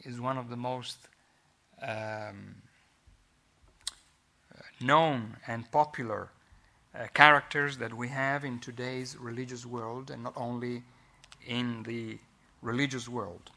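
A middle-aged Italian man gives a formal lecture in English, his accent clear throughout. He talks very slowly and deliberately, filling gaps with "uh" and restarting phrases. His voice has a gravelly texture with a bright, forceful edge. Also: mid-range voice, steady tone. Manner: measured, with frequent fillers and restarts. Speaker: guest lecturer.

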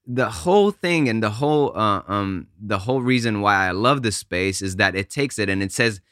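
Low bright-voiced man, dry sound. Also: expressive, moderate pace, no room sound. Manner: searching, restarts phrases often. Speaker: podcast host and musician. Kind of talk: casual podcast conversation.

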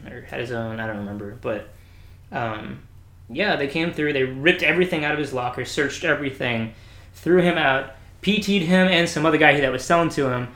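A man casually telling stories about his Navy service, acting out the people he quotes with lively voice changes, swearing and laughing often. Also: mid-range voice, normal speed. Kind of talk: casual storytelling chat. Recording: echoey room.

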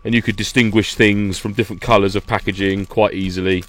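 A man's voice: lowish voice, level tone, fast talker, a bit bright. A man co-hosting a podcast, ranting with laughter in a casual chat. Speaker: podcast co-host.

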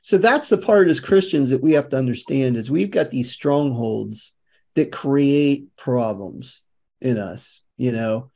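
A man's voice: mid-range voice, unhurried, vocal fry, a little mellow. A man in a casual faith discussion, speaking earnestly and rambling with repeated fillers. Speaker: guest.

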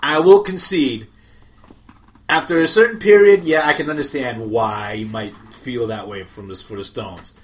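A man's voice: mid-range voice, moderate pace. A man co-hosting a casual chat podcast, arguing his points emphatically. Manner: emphatic, argumentative. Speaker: podcast co-host.

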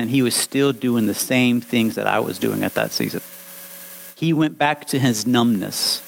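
A man preaching a sermon, telling his own testimony with animated storytelling that swings from hushed lines to loud ones. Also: high-pitched, low-quality recording. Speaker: pastor.

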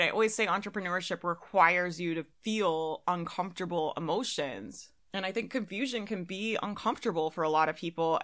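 Bright-voiced woman coaching entrepreneurs. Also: lowish voice. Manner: conversational, laughs at her own examples. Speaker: business coach. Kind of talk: casual monologue.

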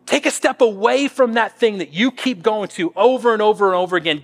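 A man's voice: high voice, fairly quick, few pauses. A middle-aged man preaching a sermon as a pastor, earnest and conversational, often restarting his phrases.

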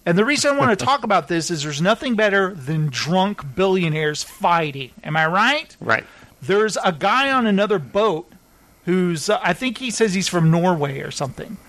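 A man hosting a casual chat show, recapping TV episodes with animated storytelling and acted-out quotes. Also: sits high, normal speed. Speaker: podcast host.

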